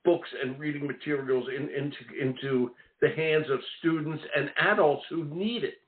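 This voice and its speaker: A man's voice: a little high, fairly even intonation, normal speed. A man with a Philadelphia accent hosting a radio talk show, rambling and repeating himself, peppering his talk with "all right" and "okay". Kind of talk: casual radio interview. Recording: phone-like narrow sound.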